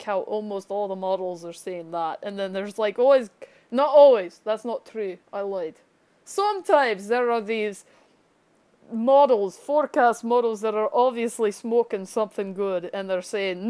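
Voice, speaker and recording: A woman's voice: mid-range voice, normal speed, a little mellow, smooth. A woman giving a casual weather outlook over a screencast, rambling, joking and poking fun at herself. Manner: rambling, joking, self-deprecating. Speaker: amateur weather forecaster.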